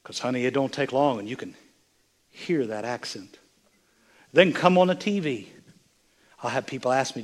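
An older man preaching as a bishop, his voice husky and breathy at a middle pitch. He drops to soft, hushed phrases, then builds into loud, emphatic declarations. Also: moderate pace, pauses often. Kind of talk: sermon.

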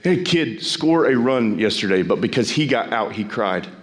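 A pastor preaching a sermon, emphatic and repeating phrases, his voice climbing high when he exhorts. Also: lively intonation, normal speed.

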